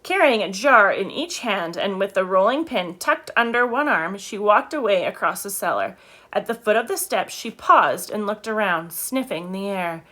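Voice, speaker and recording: A woman reading a children's book aloud, expressive, stopping to correct her own slips. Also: mid-range voice, moderate pace. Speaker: reader.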